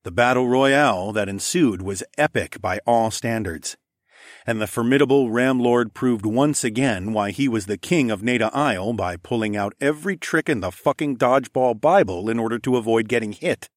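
A man narrating a first-person fantasy audiobook, lively and casual, giving the characters their own voices. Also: medium pitch, normal speed, no echo, clean studio sound.

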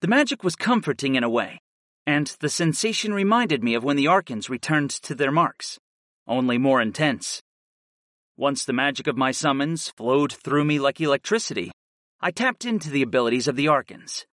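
A man narrating a first-person fantasy audiobook in a steady, earnest way. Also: medium pitch, normal speed, dry recording, clean studio sound.

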